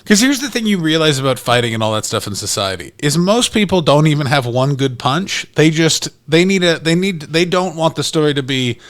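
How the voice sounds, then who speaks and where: Male comedian, podcast co-host, lively storyteller, voice a bit higher than usual. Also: fairly quick, few pauses. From Canada. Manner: animated storyteller who acts out quotes.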